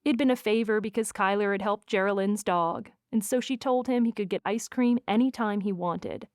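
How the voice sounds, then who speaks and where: A woman reads a first-person romance audiobook with expressive, wry delivery at a middling pitch. The recording is dry and close, with no room around it. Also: no room sound. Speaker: audiobook narrator.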